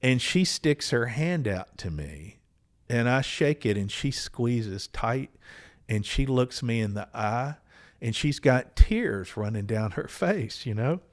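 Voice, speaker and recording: Man, 60s, podcast host, unhurried earnest storyteller, mid-pitched voice. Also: expressive. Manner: earnest, unhurried, with small restarts. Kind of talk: reflective personal storytelling.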